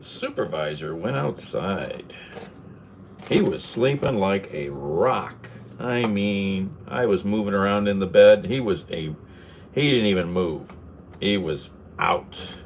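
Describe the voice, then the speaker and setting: Low, slow-talking man cooking. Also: lively intonation, slight background noise. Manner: rambling, chuckling to himself. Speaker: vlogger. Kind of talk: casual cooking vlog. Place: home kitchen.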